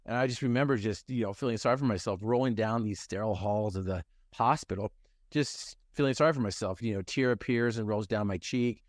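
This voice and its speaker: A man's voice: fairly low pitch, brisk, no echo, studio quality. A middle-aged man telling his personal story in a conversation, earnest and emphatic, repeating phrases for effect.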